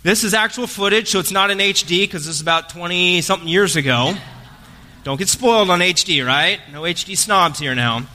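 Pastor preaching in a reverberant hall. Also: male voice, high-pitched, fairly quick, bright, forceful tone. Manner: storytelling, conversational with joking asides to the congregation. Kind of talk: Easter sermon. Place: church sanctuary.

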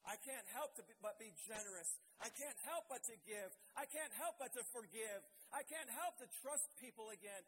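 A man's voice: very high-pitched, fairly bright tone, a little hiss or hum, low-quality recording. A man pastor preaching a sermon with an impassioned, repetitive cadence, leading into prayer. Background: music.

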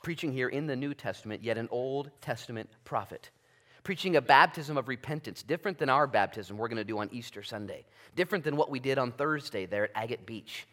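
A man preaching a conversational Bible-study sermon as pastor, animated, moving between loud emphasis and quiet asides. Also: mid-range voice. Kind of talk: expository sermon. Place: church sanctuary.

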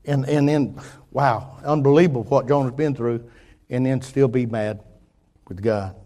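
An older man preaching a folksy sermon, restarting phrases and swinging from quiet asides to louder points. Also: medium pitch, measured pace.

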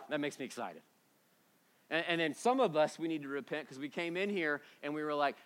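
Male pastor, slightly high voice, loose joking sermon delivery with loud and soft swings, church setting. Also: moderate pace. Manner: animated, casual and joking, swings between loud and hushed.

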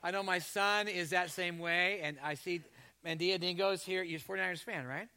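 A man's voice: sits high, fairly even intonation, moderate pace, bright, forceful tone, clear, resonant tone. A man from Canada, a pastor delivering a sermon in a chatty, joking way that teases the congregation. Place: church service before a congregation.

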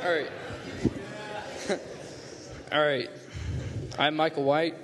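A teenage boy in ninth grade slowly introducing himself to a group, giggly. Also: fairly high pitch, flat delivery, long reverb tail, crowd noise. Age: teens. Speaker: student. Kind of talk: casual storytelling to a group.

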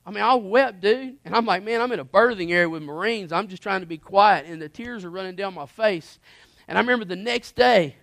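A man preaches his own testimony with a slightly high voice. He is earnest and impassioned, sliding from hushed confession to emphatic urgency. The sound is dry and close, with no room echo. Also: brisk, creaky. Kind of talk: personal testimony sermon.

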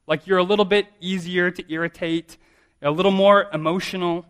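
A man's voice: high voice, steady tone, brisk, fairly bright tone, smooth. A man in his thirties, a pastor preaching a sermon in a conversational, self-deprecating way, often restarting his sentences.

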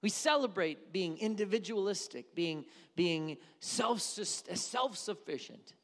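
A man's voice: sits high, lively intonation, measured pace. A man from Wisconsin preaching a sermon as a pastor, emphatic and repeating key words for effect. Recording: long hall reverb.

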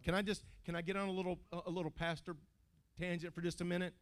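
A man preaching a sermon as pastor, his voice sitting a little high for a man. He talks in animated bursts, stumbles into restarts and folksy phrasing, and keeps calling out to his congregation. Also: quick pace, clean tone. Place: church building.

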